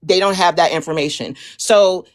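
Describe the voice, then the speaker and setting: A woman speaking on a casual panel, telling a family story with lively quotes and frequent restarts. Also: fairly low pitch, normal speed. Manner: storytelling, animated quoting, many restarts.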